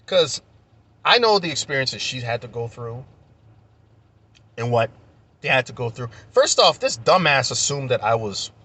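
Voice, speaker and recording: A husky young man tells a story to camera in a heated, cursing rant. His voice swings up and down with animation and has a forceful, bright edge. He trips over and repeats words as he gets worked up. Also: medium pitch, sing-song, normal speed, long pauses. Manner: heated, profane, repeats himself when worked up. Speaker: vlogger.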